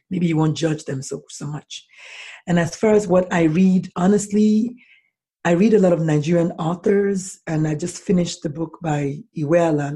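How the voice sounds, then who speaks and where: A woman author answering interview questions, animated and acting out bits of dialogue as she talks. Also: sits low, husky. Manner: animated, acts out dialogue in lively voices. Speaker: author guest.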